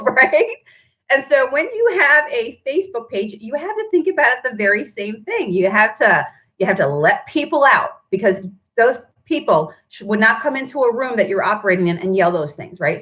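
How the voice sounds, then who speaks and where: A woman's voice: on the high side, very animated, moderate pace, a bit bright. A woman who runs a paint shop, chatting on a live stream, answering viewer comments and tagging her points with "right?".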